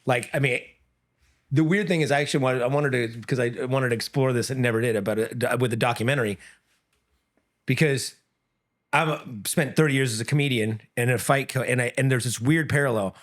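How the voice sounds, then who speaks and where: A middle-aged man in casual podcast talk, voice set at an ordinary middle pitch. He tells stories with lots of restarts, then jumps up into high, shouted quotes. It sounds like a coach talking shop. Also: brisk. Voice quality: often breaks off and restarts sentences. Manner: animated storyteller, acts out quotes in high loud bursts. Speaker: MMA coach and comedian.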